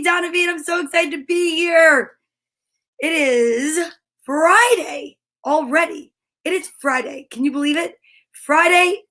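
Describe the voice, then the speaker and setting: A high-pitched woman hosting a casual livestream. She sounds bubbly and eager, chatting with her audience and reading out their greetings. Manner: bubbly and excitable, reads out viewer comments. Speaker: livestream story time host.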